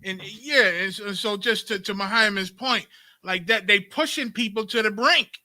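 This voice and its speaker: A man joining a call-in discussion remotely, retelling what he saw in an excited, animated way. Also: sits high, normal speed, no room sound.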